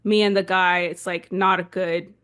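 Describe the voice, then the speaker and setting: A woman in her twenties from Southern California, co-hosting a podcast and telling a story in a casual, animated way, full of "like" fillers. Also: lowish voice, moderate pace, smooth. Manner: animated, chatty, heavy use of "like" fillers. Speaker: podcast co-host.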